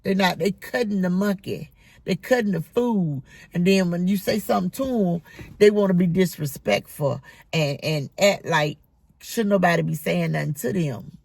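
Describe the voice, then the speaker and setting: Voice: medium pitch, moderate pace, creaky, darkish tone, no room sound. A middle-aged school bus driver delivering a scolding, emphatic monologue about rude children. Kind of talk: casual monologue vlog.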